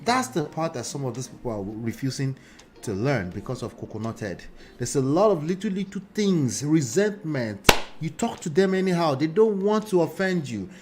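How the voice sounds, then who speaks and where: A man's voice: fairly high pitch, lively intonation, moderate pace. A man hosting a live reaction show, talking animatedly to his chat, often mocking and laughing.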